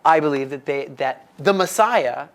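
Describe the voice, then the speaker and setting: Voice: medium pitch, lively intonation, moderate pace. A person from the United States in casual chat on a faith podcast, animatedly telling a story and acting out the quoted voices.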